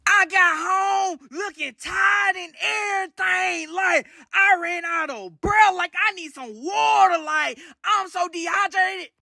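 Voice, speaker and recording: A young creator loudly narrating a comic skit story in dramatic, slangy style. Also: very high voice, takes it slowly, vocal fry, hardly any pauses, no room sound, studio quality.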